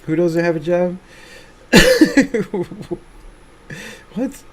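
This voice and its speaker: A high-voiced man hosts a fan livestream, drawing out his words in an animated delivery. He chats casually and reads viewer comments aloud, laid-back, profane, and self-mocking.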